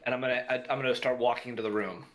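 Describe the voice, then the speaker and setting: A man's voice: medium pitch, steady tone, very fast, fairly bright tone. A man playing in a tabletop game, talking hesitantly and stammering. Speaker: player.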